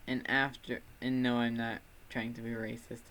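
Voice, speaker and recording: A man's voice: mid-range voice, flat delivery, moderate pace, fairly bright tone, a little hiss or hum. A young man from Texas with a Texan accent, chatting casually on a livestream in a rambling, self-deprecating way. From Texas, USA. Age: student.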